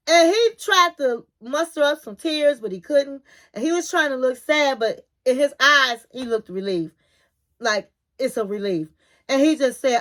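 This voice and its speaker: Woman, high-pitched, casual gossip recap, folksy storyteller, channel host. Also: expressive, unhurried, fairly bright tone.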